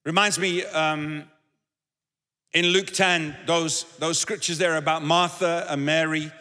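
A man's voice: fairly high pitch, fairly even intonation, slow pace, bright, forceful tone, big-room sound. A man preaching a sermon as pastor, talking conversationally and repeating words as he goes. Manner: conversational, repeats words, shifts into acted quotes.

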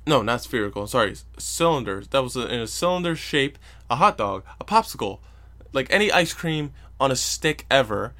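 A man hosting a podcast, telling a story in a casual, profane rant and mocking people in loud put-on voices. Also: mid-range voice, sing-song, moderate pace. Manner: profane, ranting, mocks others in loud voices. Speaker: podcast host.

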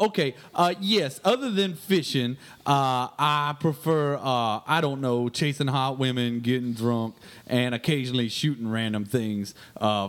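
A man's voice: medium pitch, lightly acted. A man playing a crude, boastful fishing guide who rambles through listener mail on a comedy radio sketch.

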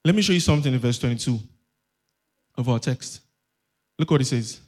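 A man's voice: mid-range voice, a little fast, darkish tone. A man preaching a sermon as pastor, emphatic, repeating phrases and asking the congregation rhetorical questions.

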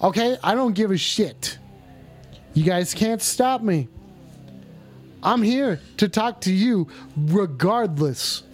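A man hosting a livestream call-in show, talking to his chat in a rambling, exasperated, profane way, stretching some lines out and rushing others. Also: high voice, lively intonation, faint music behind. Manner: profane, exasperated, scolding viewers; drawn-out emphatic lines mixed with quick asides. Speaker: livestream host taking call-ins.

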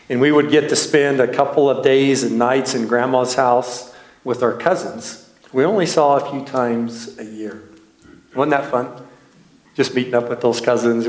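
A man from Texas, a minister, telling a slow, nostalgic childhood story as a sermon with light laughs. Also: mid-range voice, roomy sound, rough recording.

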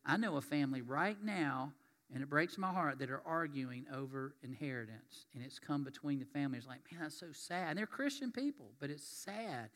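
A man delivering a sermon in a church, talking in a folksy, conversational way. His voice sits fairly high and bright. The sanctuary gives it a long, ringing reverb. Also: animated, normal speed. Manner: folksy, conversational, reads scripture aloud. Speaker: pastor.

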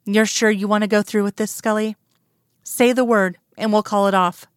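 A woman's voice: mid-range voice, fairly even intonation, normal speed, clear, resonant tone, no echo, studio quality, natural voice. Woman reading as Mulder, wry teasing male agent.

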